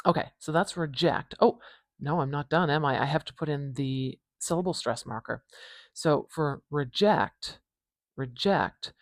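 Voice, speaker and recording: A pronunciation teacher with a North American accent, giving an informal phonetics lesson, thinking aloud and repeating words slowly and deliberately. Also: medium pitch, dry recording.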